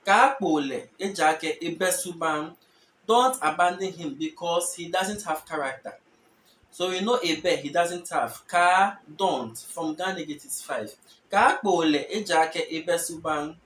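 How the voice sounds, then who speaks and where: A man teaching a language lesson, explaining patiently and repeating example phrases slowly with stressed tones. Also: a little high, a bit bright, reverberant, far from the mic, a little hiss or hum, poor audio.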